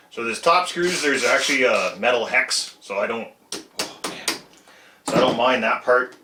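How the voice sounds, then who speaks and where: A man's voice: medium pitch, moderate pace, echoey room, background noise. A man hosting a casual hobby repair vlog, chatty and self-mocking, chuckling at his own mistakes while he works. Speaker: RC truck hobbyist channel host. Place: home shed workshop.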